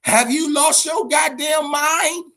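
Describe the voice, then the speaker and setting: A man's voice: extremely high pitch, takes it slowly, gravelly, voice pushed up, heavily acted. A man voicing a boxer's angry mother who scolds her son down the phone. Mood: scolding. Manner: shouting, scolding.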